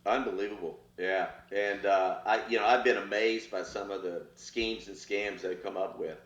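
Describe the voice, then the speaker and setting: Older retired cop telling war stories. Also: male voice, on the low side, normal speed. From Texas. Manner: animated storyteller, acts out voices. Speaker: retired police officer. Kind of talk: storytelling interview. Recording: roomy, slightly dull sound.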